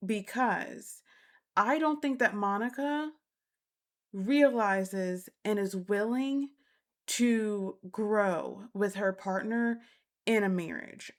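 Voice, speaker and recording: A woman hosting a casual reality TV recap, talking bluntly and repeating her points for emphasis. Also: mid-range voice. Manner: blunt and exasperated. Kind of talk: casual opinionated commentary.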